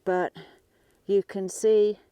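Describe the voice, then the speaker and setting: A woman's voice: mid-range voice, level tone, very slow, dark tone, smooth, no room sound. A woman chatting outdoors on a mountainside, explaining local history she researched. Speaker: co-host and researcher. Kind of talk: casual chat.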